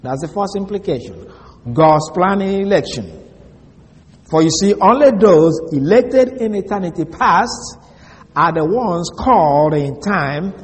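A man giving a slow, deliberate Bible lesson as a preacher, repeating and spelling out key words. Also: high-pitched. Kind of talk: expository Bible teaching. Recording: long reverb of a large hall.

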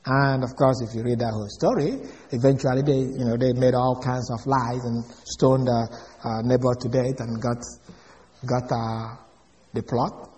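A man's voice: mid-range voice, fairly even intonation, moderate pace, a little mellow. A man preaching a sermon in an emphatic way, often putting questions to his listeners. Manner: emphatic, asks the audience questions. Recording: echoey hall.

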